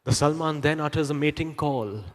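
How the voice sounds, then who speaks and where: A comedian playing a solemn male wildlife documentary narrator, slow and hushed. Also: a little high, lightly acted. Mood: grave. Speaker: stand-up comedian. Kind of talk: live stand-up comedy. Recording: reverberant hall, live stage mic.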